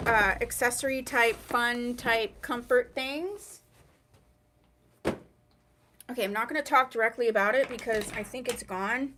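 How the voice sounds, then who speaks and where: A woman hosting a live online wig sale, describing products in a chatty, unhurried way. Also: high-pitched, sharp tone, a little hiss or hum. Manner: chatty, unhurried, drawn-out pauses. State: hiccuping. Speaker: online wig shop host.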